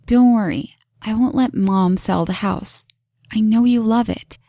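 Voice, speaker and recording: A woman voicing a grieving grown daughter who pleads softly through tears with her dead father. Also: mid-range voice, measured pace, dry recording, clean studio sound, lightly acted. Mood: gently pleading. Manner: pleading, soft and tearful. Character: grieving grown daughter, tearful but gentle.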